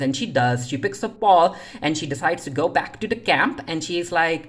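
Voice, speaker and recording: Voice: mid-range voice, a little slow, hardly any pauses, a bit bright. A reviewer casually recapping a TV episode, retelling scenes loosely with lots of "uh" fillers and paraphrased lines. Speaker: TV series reviewer.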